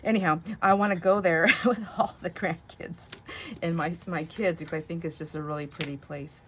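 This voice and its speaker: Low-voiced rambling woman chatting while crafting. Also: fairly even intonation, moderate pace, a little hiss or hum. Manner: rambling storyteller, many "anyhow"s. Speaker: craft vlogger. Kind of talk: casual chat while crafting.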